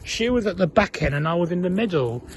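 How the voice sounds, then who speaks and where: A man's voice: high-pitched, animated, fast talker, slight background noise. A young man from England telling a story in a casual vlog, earnest and chatty, acting out the voices of the people he quotes. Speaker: vlogger.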